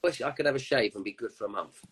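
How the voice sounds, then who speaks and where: A man, a musician guest telling anecdotes in a relaxed, chatty way. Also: medium pitch, rapid-fire, slightly rough, poor audio. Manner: chatty storyteller, laughs often. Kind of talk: casual chat.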